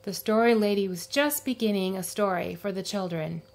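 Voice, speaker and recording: A woman reading a children's picture book aloud, with gentle narration and voices for the characters. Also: mid-range voice, normal speed, creaky. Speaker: storyteller.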